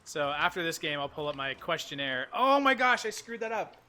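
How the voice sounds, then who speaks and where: A man's voice: a little high, very animated, brisk, pushed and bright. A man hosting a livestream, chatting casually and playfully, poking fun at himself while he plays a game. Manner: playful, self-deprecating, chatty. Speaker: host.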